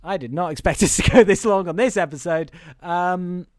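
A man's voice: high-pitched, normal speed. A man co-hosting a podcast over a video call from his room at home, recapping a movie in a rambling, casual way with lots of fillers. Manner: rambling, filler-heavy, acts out quotes. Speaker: podcast co-host.

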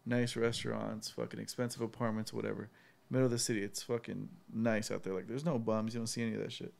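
A man's voice: on the low side, little pitch movement, fast talker, gravelly, a little mellow. A man telling a story in a loose, laid-back way, with lots of fillers and swearing. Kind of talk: casual chat.

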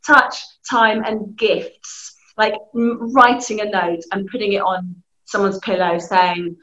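A British woman talks with a bright, fairly high voice, animated and quick to laugh as she gives advice. Her audio sounds muffled and lo-fi, as if over a remote call. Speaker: youth work guest. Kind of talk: lively advice in conversation.

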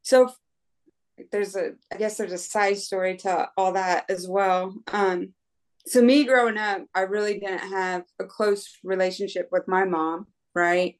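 A woman's voice: mid-range voice, steady tone, measured pace. A woman from the United States telling a race story in a casual, chatty way. She laughs often, leans on "like" and "right?", and acts out her own inner voice. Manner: frequent fillers like "like" and "right?". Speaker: guest, ultra-runner.

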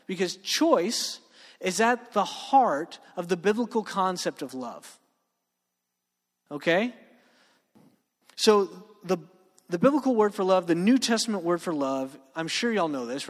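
A man preaching a sermon to students in a casual, joking way. He often asks "right?" and slows down to stress key words. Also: on the high side, animated. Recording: long reverb of a hall.

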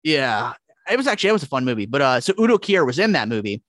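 A man telling animated, profanity-laced stories as a podcast guest in casual chat. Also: medium pitch, quick pace, no echo, clean studio sound. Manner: profane, animated, acts out quotes.

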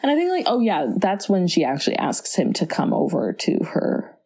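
A woman co-hosting a casual podcast, adding wry, joking commentary while discussing a movie. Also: normal speed. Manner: wry, joking commentary with expressive pitch swings. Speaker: podcast co-host. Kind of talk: casual movie recap chat.

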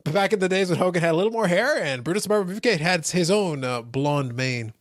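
Animated, playful male podcast host. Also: high-pitched, fast, no room sound, clean studio sound. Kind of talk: casual chat.

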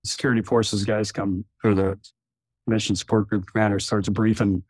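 A man, a retired general, telling a long anecdote with frequent chuckles in a relaxed podcast chat. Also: fairly low pitch, normal speed, breathy edge, no echo. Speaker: retired general, former wing commander.

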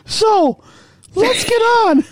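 A squeaky, sky-high voice, as a man puts it on to tease his partner. It is playful and repetitive, and it pokes at the listener in a dry, close sound. The pitch is extreme for an adult. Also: lively intonation, drawn-out words, no room sound, heavily acted. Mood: teasing. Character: man's squeaky high-pitched joke voice, teasing.

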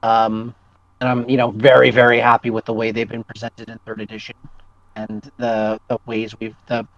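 A man's voice: mid-range voice, completely flat delivery, normal speed. A man, a podcast guest, chatting enthusiastically about games, with many ums and restarts. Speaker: podcast guest, game writer. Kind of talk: casual chat about tabletop games. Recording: dry, dull lo-fi mic.

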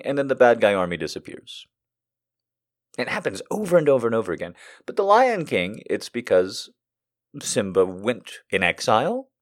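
Animated man on a comedy podcast. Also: mid-range voice. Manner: rambling, self-deprecating, crude jokes. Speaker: podcast host. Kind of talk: casual comedic monologue.

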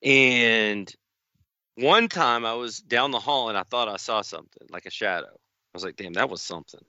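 A man casually telling a long story on a podcast, unhurried and folksy, acting out the other people in it. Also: mid-range voice, expressive, pushed and bright, clean tone, no echo. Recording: dull, slightly lo-fi dry studio sound.

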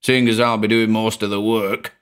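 A man voicing an older ex-chemistry teacher, blunt and boozy, with a gruff, slurring drawl and a British accent. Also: on the low side, flat delivery, moderate pace, lightly acted. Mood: gruff scheming.

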